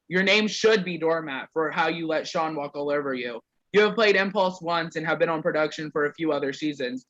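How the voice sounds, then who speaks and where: A man's voice: fairly high pitch, a bit bright, lo-fi sound. A young man casually reading roasts aloud to a group on a call, stumbling over words and laughing.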